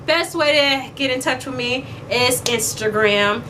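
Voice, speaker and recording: Young woman, high-pitched, vlogger, chatty and playful, faint background hiss. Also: unhurried, pushed and bright. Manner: chatty, playful, acts out quoted lines. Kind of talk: casual chat to camera.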